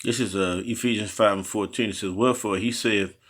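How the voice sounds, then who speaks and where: A man's fairly low, steady, slightly bright voice carries this informal Bible lesson from a street preacher. He reads verses loosely and slangily, cutting in with asides, and repeatedly halts and restarts on hard-to-pronounce words.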